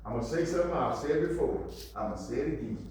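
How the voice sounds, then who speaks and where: A man preaching a sermon emphatically, repeating phrases, swinging between shouts and hushed asides, and calling out to his congregation. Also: medium pitch, animated, racing, slight background noise. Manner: addresses the congregation directly, calls for responses. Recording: very echoey, mic far from the speaker.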